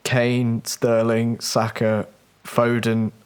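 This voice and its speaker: Speaking extremely slowly, this English football podcast co-host has a smooth, monotone voice at medium pitch. He chats casually but decisively and reads lists aloud.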